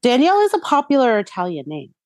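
A woman co-hosting a podcast, chatting casually about a reality show and reacting quickly and animatedly. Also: on the high side, wildly swooping pitch, darkish tone, no echo. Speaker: podcast co-host.

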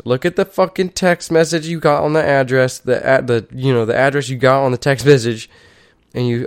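A man's voice: mid-range voice, steady tone, normal speed, clean tone, no echo, studio quality. A young man telling a story in a casual, rambling way, swearing often and restarting his sentences.

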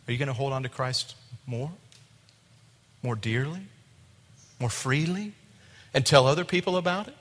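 A male pastor preaching a sermon, animated, acting out voices and dropping to a quiet tone at times. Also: medium pitch. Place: church sanctuary. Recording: long hall reverb.

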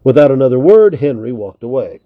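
A man's voice: medium pitch, very animated, brisk, no room sound. A man reading a frontier adventure story aloud for children, in a friendly storyteller's manner. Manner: friendly, addresses young listeners. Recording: tinny narrow lo-fi recording.

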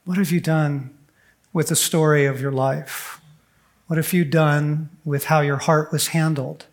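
A middle-aged man with a slightly raised voice speaks earnestly to a room of men. His delivery is animated and heartfelt. He sometimes drops into the voices of people in his stories. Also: a little high, a little slow. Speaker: speaker at a men's conference. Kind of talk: heartfelt talk to a men's gathering.

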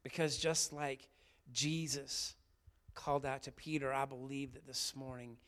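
A man preaching an Easter sermon, swinging between loud, fervent emphasis and quiet, hushed passages. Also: mid-range voice, little pitch movement, measured pace, smooth. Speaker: pastor.

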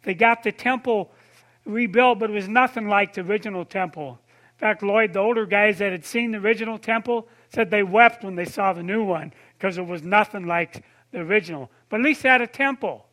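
A man delivers a sermon in a chatty, storytelling way, calling on listeners and asking them questions. His voice sits very high and sounds bright and forceful. At tender moments he drops to a soft, low tone. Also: a little fast. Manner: conversational preaching, addresses listeners by name, asks questions. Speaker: pastor.

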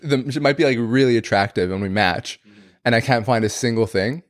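A man's voice: medium pitch, a little fast, no room sound, clean studio sound. Rambling man, full of "like". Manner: rambling, hesitant, heavy use of "like". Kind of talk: casual chat.

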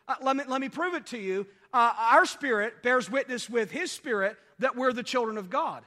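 A preacher with a very high-pitched, bright, and forceful voice delivers a sermon at a moderate pace with few pauses. He repeats key phrases and checks in with the congregation in call-and-response style, asking "are you with me." A long hall reverb surrounds the recording.

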